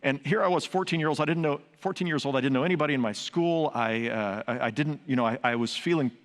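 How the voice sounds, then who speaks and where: A man's voice: mid-range voice, quick pace. An older man preaching a sermon, earnest and conversational, mixing teaching with personal stories. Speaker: pastor. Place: large church sanctuary. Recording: long reverb of a large sanctuary.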